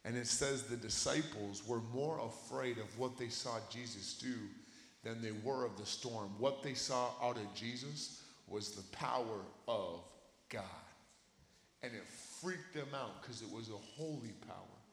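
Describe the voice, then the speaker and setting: A young man preaching a sermon to a room of kids, impassioned, swinging from shouting to a hush. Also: medium pitch, measured pace, roomy sound, long reverb tail, slight background noise. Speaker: youth preacher.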